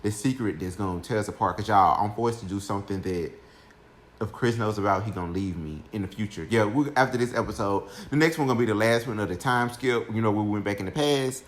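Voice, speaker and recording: A young man telling a personal story to his viewers in a casual, animated way, speaking straight to his audience. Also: lowish voice, fast talker. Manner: animated, keeps addressing listeners directly. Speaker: storytime vlogger.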